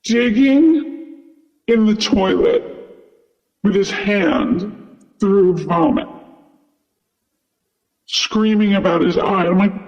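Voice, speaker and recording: A high-pitched man speaks very slowly, leaving long pauses, as he casually tells a story from his work as a flight attendant. He's chatty, with plenty of "like" and "you know," and the recording is dull with long reverb.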